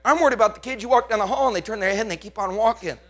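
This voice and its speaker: High, bright-voiced preacher man. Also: racing. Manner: emphatic, swinging from hushed to loud; asks the congregation questions. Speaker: pastor. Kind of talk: preaching a sermon.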